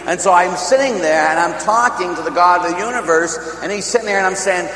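A middle-aged man from Pittsburgh, a priest telling a story in a sermon, animated and laughing, dropping from loud to hushed. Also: high-pitched, a little fast, few pauses. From Pittsburgh, USA. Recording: echoey hall with faint hum.

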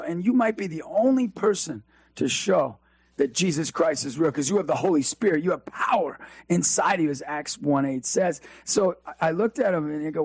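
A man with a gravelly, slightly husky voice tells an energetic, preachy story. He acts out the dialogue as he goes. The sound is dry and close. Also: fairly high pitch, moderate pace, no echo. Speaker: youth speaker and guest. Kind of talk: storytelling in a faith talk interview.

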